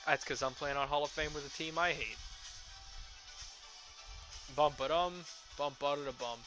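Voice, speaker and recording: A man's voice: a little high, fast, faint music behind, rough recording. A young man ranting casually while streaming a game, tipsy from drinking and swearing a lot as he talks into a headset mic. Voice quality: profane, ranty, excitable. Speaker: gaming streamer. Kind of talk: rambling casual rant while gaming.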